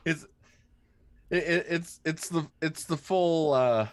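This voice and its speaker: A man in a casual chat, wry and slow, searching for words. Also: fairly high pitch.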